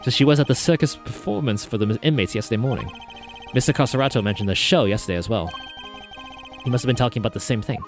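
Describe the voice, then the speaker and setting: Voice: mid-range voice, music in the background, pitched below the performer's own voice, close to an everyday voice. A player doing a cool, precise male prosecutor. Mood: measured. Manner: measured, precise, dry. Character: prim, formal male prosecutor, cool and analytical. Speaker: prosecutor character.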